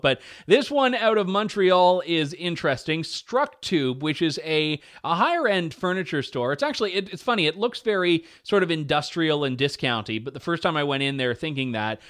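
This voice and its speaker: Man, talk radio host, sarcastic asides, slightly higher voice, opinion monologue. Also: fairly bright tone. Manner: wry, sarcastic asides with chuckles.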